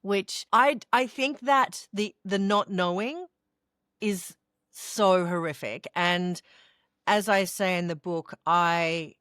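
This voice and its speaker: A woman's voice: lowish voice, takes it slowly, clean tone, no echo, studio quality. A middle-aged woman with an Australian accent, telling her own story candidly as an interview guest and acting out the voices of people she quotes. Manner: expressive, acts out quoted voices, laughs while telling.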